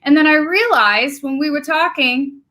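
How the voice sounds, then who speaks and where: A woman's voice: high voice, normal speed, pushed and bright. A middle-aged woman with a New York accent, co-hosting a casual livestream chat and laughing often. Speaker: livestream co-host.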